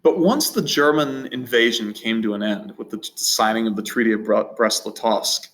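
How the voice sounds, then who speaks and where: A man's voice: lowish voice, moderate pace, fairly bright tone, poor audio. A man teaching a history lesson in an unscripted, conversational way, often repeating words and restarting phrases. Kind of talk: recorded history lecture.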